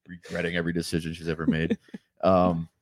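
A man's voice: low voice, completely flat delivery, fast, no room sound, studio quality. Profane, rambling man in his forties. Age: 40s. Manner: profane, rambling, laughs often. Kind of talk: crude casual storytelling.

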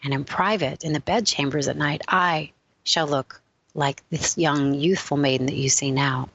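A woman voicing a proud, wise noblewoman in a retold legend, speaking in a measured, composed way. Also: deep voice, steady tone, a bit bright, lo-fi sound. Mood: calm, assured. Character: proud hag-turned-beauty noblewoman, calm and wise.

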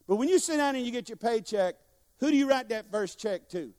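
A man's voice: extremely high pitch, animated, brisk, smooth. A man preaching a sermon to a congregation, leading call-and-response and joking as he exhorts. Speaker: guest preacher. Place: church sanctuary. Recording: long church hall reverb.

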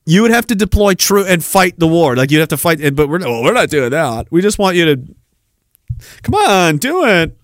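A man's voice: fairly high pitch, very animated, moderate pace, no echo, clean studio sound. A man hosting a podcast, ranting in a sarcastic, profane way. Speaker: podcast host. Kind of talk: political rant podcast.

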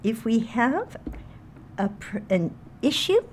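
A woman's voice: fairly high pitch, sing-song, takes it slowly, a little hiss or hum. A woman teaching a guided healing meditation, speaking in a soothing way and chanting short phrases over and over.

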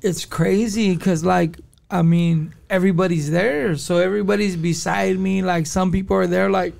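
A man's voice: high-pitched, moderate pace, gravelly. A man, a podcast guest telling stories in casual slang and acting out other people's lines. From Los Angeles area. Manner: animated, acts out quoted dialogue, heavy slang. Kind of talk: casual storytelling.

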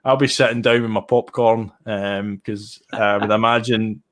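A man's voice: fairly low pitch, level tone, normal speed, a bit bright. A man with a Scottish accent, a sim racing guest chatting casually and enthusiastically in an interview, often restarting his phrases.

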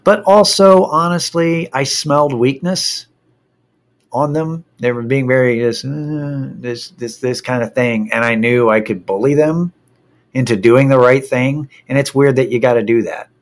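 A man casually telling a personal anecdote, animated and profane as he gets worked up. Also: medium pitch, moderate pace.

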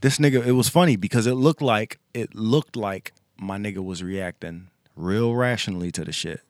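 A man's voice: on the low side, moderate pace, darkish tone, no echo, clean studio sound. A man telling a story casually on a podcast, emphatic and repetitive.

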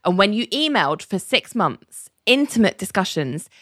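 A woman's voice: medium pitch, normal speed, dry recording, studio quality. A woman casually recapping a TV episode, acting out the characters' lines and laughing often. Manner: animated, acts out quotes, laughs often. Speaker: podcast co-host recapping a TV episode.

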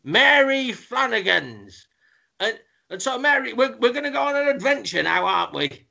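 A man's voice: very high voice, big pitch swings, moderate pace, gravelly, sharp tone. A man hosting a comedy podcast with cheeky, teasing banter. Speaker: podcast host. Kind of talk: casual comic banter.

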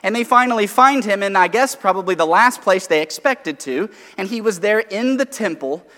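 Preaching a sermon, a man teaches conversationally from Scripture, swinging between rising emphasis and quiet asides. His high-pitched voice is animated and moves at normal speed, trailed by a long reverb.

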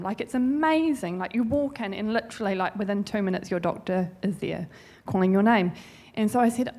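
Nz lady doing a chatty rambly church talk, heartfelt, normal mid pitch. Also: brisk, few pauses, a little mellow. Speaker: church speaker. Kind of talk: informal sermon testimony.

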